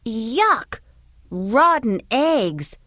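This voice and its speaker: A woman's voice: big pitch swings, drawn-out words, bright, forceful tone, no echo, clean studio sound, exaggerated voice. A woman voicing a frightened young boy who stammers in surprise. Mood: worried. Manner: startled, stammering, high. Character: scared, curious young boy explorer.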